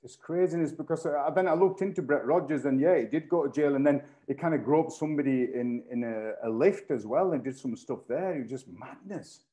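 A man's voice: mid-range voice, a little fast, few pauses, dark tone. Matey male podcast host. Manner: matey, calls guest brother, teasing. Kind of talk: casual interview chat.

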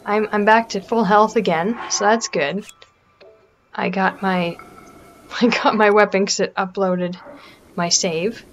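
A woman's voice: medium pitch, steady tone, slow, long pauses, highs cut off, a little hiss or hum. A Canadian woman giving casual, self-mocking commentary over a video game, often dropping to a whisper while sneaking. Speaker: let's play gamer.

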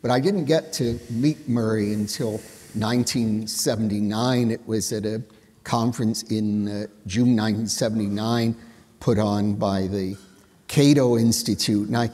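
Older male panelist, slow and measured, dry wit, husky tone, long hall reverb. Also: on the low side, fairly even intonation, dark tone. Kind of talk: anecdotal panel talk.

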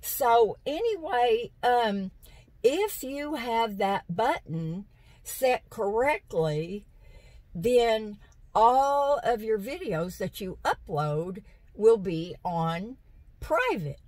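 A vlogger chats casually with her viewers from a vehicle parked in a parking lot, rambling through stories and laughing often. Her voice sits on the high side and is a little mellow, very animated yet extremely slow. The phone on a stand captures poor audio with no echo.

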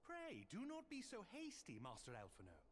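A gallant, courtly noble knight. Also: male voice, high-pitched, wildly swooping pitch, moderate pace, noisy background. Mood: courteous. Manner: formal courtly speech. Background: game music.

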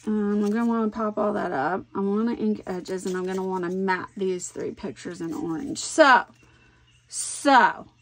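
A woman's voice: mid-range voice, normal speed. A middle-aged woman, chatting casually and thinking aloud as she works on a scrapbook layout. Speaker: scrapbooking crafter. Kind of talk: casual crafting vlog talk.

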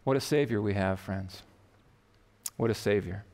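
A pastor preaching an earnest, emphatic sermon in a church. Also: male voice, lowish voice, moderate pace, darkish tone, big-room sound. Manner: earnest, emphatic preaching with quotes read aloud. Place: church sanctuary.

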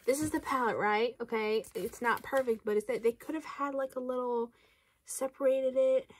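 A young woman from Canada giving casual, playful commentary on makeup releases as a beauty vlogger, with animated, exaggerated reactions. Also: sits high, moderate pace.

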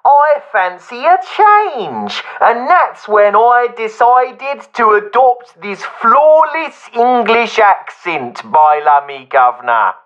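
A woman's voice: fairly high pitch, very animated, slow, hardly any pauses, a bit bright, lo-fi sound, full character voice. A woman playing a radio caller from Arizona who drawls in an exaggerated fake English accent. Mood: smug.

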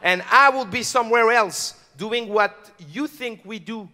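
A man from France with a Parisian French accent, whose first language is French, doing an animated stand-up set on a club stage. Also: sits high, unhurried, long reverb tail, a little hiss or hum. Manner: animated, playful. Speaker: stand-up comedian.

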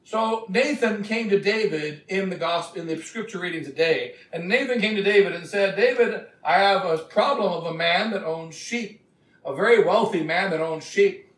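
A man preaching a sermon as a bishop, retelling scripture in a slow, emphatic storytelling way. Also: sits high. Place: church. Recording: echoey church from a distant mic.

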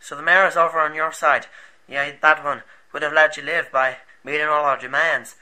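A man's voice: on the high side, steady tone, moderate pace, bright, forceful tone, rough recording. A man playing an earnest, rambling rebel leader. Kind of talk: amateur movie voice acting.

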